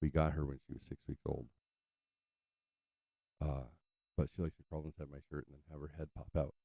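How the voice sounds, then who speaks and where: A man's voice: very deep voice, level tone, a little fast, gravelly, warm tone, breathy edge, no room sound, highs cut off. A man from California telling a rambling story in casual, profane chat, full of fillers, as host of his show. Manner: loose, profane, chatty, trails off in filler. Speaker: podcast host.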